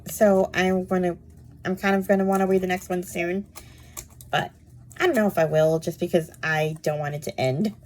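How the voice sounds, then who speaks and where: Brief: woman with a lowish voice, casual rambling book chat, full of fillers. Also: fairly even intonation, normal speed, darkish tone, a little hiss or hum. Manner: chatty, rambling, many "like" and "um" fillers. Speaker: book reviewer.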